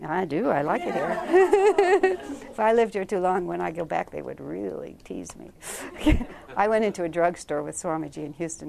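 Woman meditation teacher, casual lively storyteller, laughs easily, in front of a group. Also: sits low, gravelly. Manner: conversational, laughs often, animated storytelling. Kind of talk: informal spiritual class talk.

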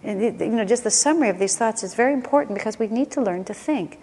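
A woman's voice: a little high, lively intonation, fast talker, darkish tone, breathy edge. Woman teaching in a reverberant hall. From United States. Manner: conversational, reflective, with restarts. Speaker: spiritual teacher. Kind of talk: teaching a class.

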